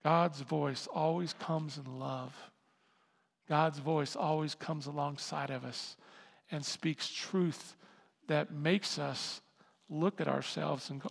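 A man preaching a sermon as pastor, animated, repeating words as he builds to loud emphasis. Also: on the high side, slow, vocal fry. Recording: reverberant hall sound.

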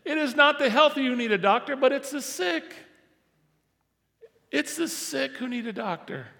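A man's voice: very high voice, animated, normal speed, vocal fry, sharp tone, big-room sound, voice pushed up, heavily acted. A man voicing Jesus as an exasperated adult man, retorting emphatically to his critics.

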